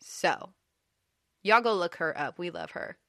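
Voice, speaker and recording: A woman's voice: fairly low pitch, unhurried, vocal fry, no echo, studio quality. A young adult woman, co-hosting a casual podcast chat, giggly and playful. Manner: giggly, animated, playful with silly voices. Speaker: podcast co-host.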